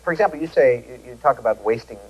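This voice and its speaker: Male TV host, husky, animated pitch, questions with dry amusement. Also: quick pace, lo-fi sound. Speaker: talk show host. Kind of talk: talk show interview. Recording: old broadcast TV audio.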